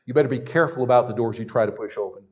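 A man's voice: mid-range voice, racing, a little mellow, highs cut off. A man with a Southern US accent preaching a sermon as pastor in a church, emphatic and prone to repeating his words. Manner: emphatic, repeats phrases, stumbles on restarts.

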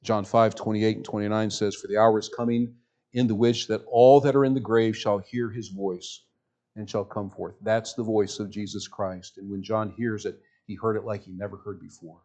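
A man preaching a sermon as pastor in a church, reading scripture slowly and swinging from loud emphasis to near-hushed speech. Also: on the low side, steady tone. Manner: reads scripture slowly and deliberately. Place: church sanctuary with a sound system.

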